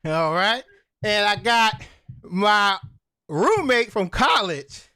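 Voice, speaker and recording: A man hosting a casual live talk show, loud and excitable, laughing often. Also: high voice, takes it slowly, smooth.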